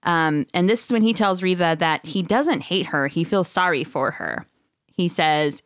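Woman host, lively giggly storyteller, smooth voice, dry close sound. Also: lowish voice, normal speed, dry recording. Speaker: podcast host recapping a book. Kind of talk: casual chat.

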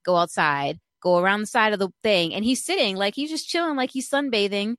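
A woman telling an animated, chatty story in casual talk, full of fillers and acted-out quotes. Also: medium pitch, fairly quick, dry recording.

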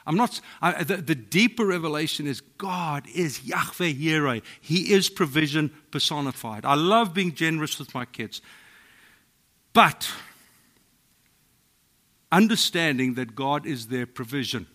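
South African pastor with a bright voice. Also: male voice, a little high, expressive, measured pace. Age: middle-aged. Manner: storytelling, swings from hushed to exclaiming. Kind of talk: sermon.

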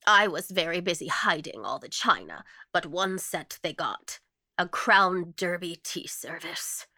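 A woman's voice: fairly low pitch, lively intonation, a little slow, sharp tone, no room sound, studio quality, exaggerated voice. A woman voicing an eccentric, possessive old spinster in a spoken story, shifting between wistful whispers and jealous wails. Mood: secretive.

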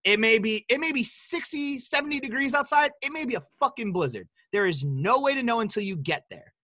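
Young man from the Midwest, podcast co-host, lively swinging pitch, bright voice, dry close sound, joking and profane. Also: fairly quick, dry recording. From American Midwest. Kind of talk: casual banter.

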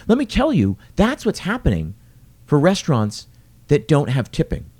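A middle-aged man with a warm, mellow tone gives an earnest solo podcast talk, circling his point with rhetorical questions. His pitch rises and dips freely as he leans on key words. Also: huge pitch swings, moderate pace, breathy edge. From lives in New York City. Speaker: restaurateur and podcast host.

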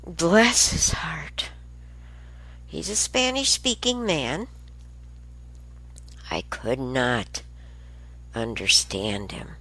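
A woman's voice: deep voice, extremely slow, long pauses, fairly bright tone. A woman hosting a show, telling a rambling everyday story in a chatty, casual way. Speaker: show host. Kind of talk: casual monologue.

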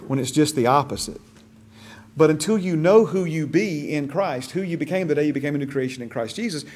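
A man's voice: fairly high pitch, darkish tone. A middle-aged man teaching a church discipleship class, passionate and repetitive, checking in with "okay?". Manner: passionate, repeats and restarts phrases, asks "okay?".

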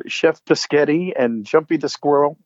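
A man's voice: on the high side, normal speed, no room sound. An older man, a voice actor guest, chatting casually and telling playful stories. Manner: playful storyteller, slips into character voices. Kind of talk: casual interview chat. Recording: dry, dull lo-fi remote audio.

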